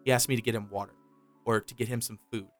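A young podcast co-host chats casually, swearing often as he tells a loose, rambling story. His voice is fairly low, steady in tone, and quick, with a faint bed of music beneath it.

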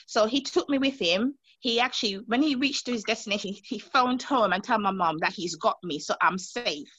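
A woman from Montserrat recounts a frightening day to an interviewer, animatedly acting out the voices of people in her story in an emotional recollection. Her slightly high, breathy voice moves at normal speed with few pauses, in a dry recording with the highs cut off.

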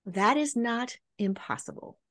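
A woman's voice: a little high, unhurried, fairly bright tone, no room sound, studio quality. A woman doing a suave old French count. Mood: courtly. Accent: put-on French. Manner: courtly, formal.

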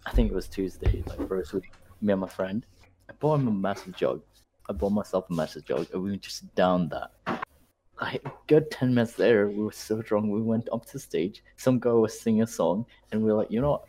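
Give me a deep young man over a noisy mic. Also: moderate pace. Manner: quiet, mumbly at first. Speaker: podcast guest. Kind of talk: casual storytelling.

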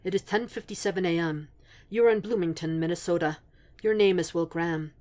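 Woman reading as a suave older male shrink, low and hushed, slow and soothing, storybook reading. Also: close to an everyday voice. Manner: quiet, measured and soothing.

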